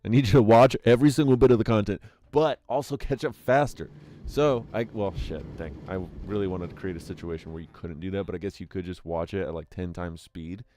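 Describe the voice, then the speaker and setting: A man's voice: low-pitched, fairly quick, dark tone, dry recording. A young man streaming a let's-play, talking casually and rambling to a friend on a call. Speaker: gaming streamer. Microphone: desk microphone.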